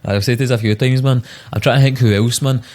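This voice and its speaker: A man's voice: medium pitch, steady tone, fairly quick, darkish tone. A Scottish man, a rapper, guesting on a podcast in laid-back, sweary chat full of "know what I mean".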